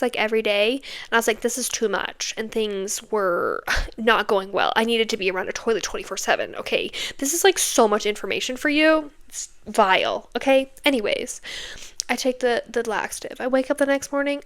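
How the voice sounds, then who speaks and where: A woman's voice: a little high, fairly bright tone, clean tone. A young adult woman hosting a podcast, telling a candid, self-mocking story in a casual chatty way and tagging her lines with "okay?". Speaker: podcast host.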